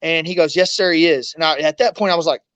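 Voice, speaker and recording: A man's voice: on the high side, fast, fairly bright tone, dry recording. Blunt man telling a painful story. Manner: raw and blunt, swearing often, acting out quoted voices. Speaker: interview guest, fighter. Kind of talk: emotional storytelling in an interview.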